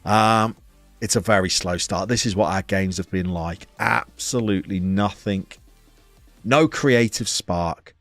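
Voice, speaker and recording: A man, live-streaming a football game, reading out viewers' messages and commenting on the match in a chatty, playful way with sudden bursts of excitement. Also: low-pitched, measured pace, no room sound, faint music behind. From England.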